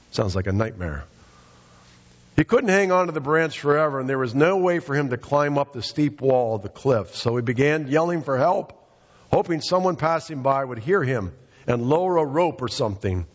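A male pastor preaching a sermon in a conversational, storytelling way. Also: mid-range voice. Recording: dull, echoey hall recording.

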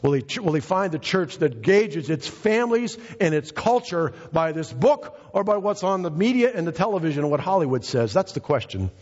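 Pastor, male, husky voice, impassioned preaching style, dull lo-fi recording. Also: sing-song, moderate pace, few pauses, a little mellow, big-room sound. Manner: impassioned preaching, rising in pitch for emphasis. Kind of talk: sermon. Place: church sanctuary.

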